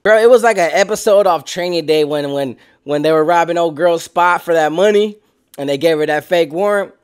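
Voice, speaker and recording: A man in his twenties tells a casual story in loose slang, his voice lively, clean in tone, and a bit higher than most men's. He talks a little fast, adding sound effects and acting out the other people as he goes.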